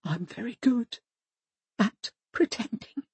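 A woman's voice: medium pitch, lively intonation, moderate pace, a little mellow, breathy edge, no room sound, voice pushed up. A woman reading an audiobook voices a prim, fussy older wife who speaks in precise, insistent, formal phrases. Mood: brittle.

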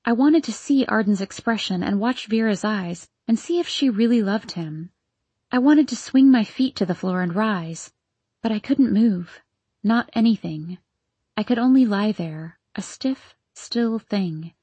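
A woman narrating a novel in the first person, in a hushed, searching and anxious tone, close to the mic. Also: medium pitch, expressive, measured pace, slightly rough, no room sound. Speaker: audiobook narrator.

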